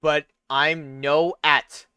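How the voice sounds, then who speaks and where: A man's voice: on the high side, level tone, very slow, pushed and bright, smooth, no echo, clean studio sound, full character voice. A man voicing a guarded, evasive middle-aged prison governor in an attempted Scottish accent, reading game lines aloud and tripping over words.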